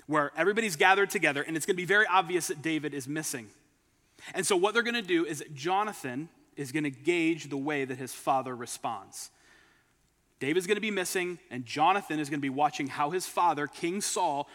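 A man delivers a sermon, retelling scripture as a story and stopping for emphatic asides. His voice sits a bit higher than most men's. The sound trails off into the long reverb of a large hall. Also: bright, forceful tone. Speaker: preacher.

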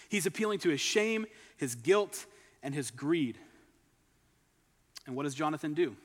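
A man's voice: a little high, animated, moderate pace, pushed and bright, big-room sound. A man preaching a sermon, retelling a scripture story with emphatic asides.

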